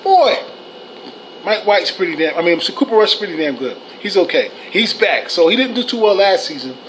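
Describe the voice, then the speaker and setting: A man with a notably high voice delivers a heated, profane fan rant, blunt and scolding toward his viewers. He gets animated and loud at times. A faint hiss sits under the recording. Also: fairly quick, rough recording. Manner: animated, swings to shouting. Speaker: sports fan commentator.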